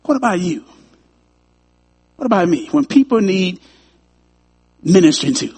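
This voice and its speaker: A man's voice: high voice, sing-song, a little slow, pauses often, a little mellow, slightly rough. A man preaching a sermon in a conversational way, chuckling often and repeating his phrases.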